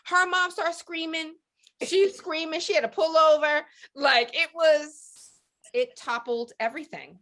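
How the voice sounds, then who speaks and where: A woman on a book panel telling an animated story, acting out the voices of her friends and laughing often. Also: high-pitched, measured pace. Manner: lively, acts out quoted voices, laughs often. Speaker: panelist author.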